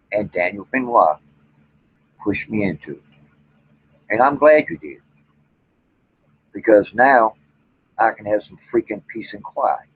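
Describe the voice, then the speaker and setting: A man who vlogs and researches Bigfoot rants angrily and bluntly to the camera, swearing a lot. His voice is fairly low and slightly rough, with no echo, though the audio sounds tinny, like a phone.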